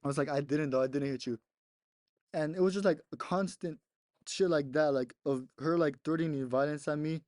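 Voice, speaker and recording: A man's voice: on the high side, a little fast, a little mellow, no room sound, studio quality. Laughing young man telling a story. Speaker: podcast co-host. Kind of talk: casual storytelling chat.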